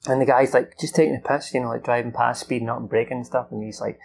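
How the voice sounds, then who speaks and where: Gravelly man recapping a film. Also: mid-range voice, fairly even intonation, fast, over music. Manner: rambling, swears freely, acts out the characters' lines. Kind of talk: unscripted film recap from memory.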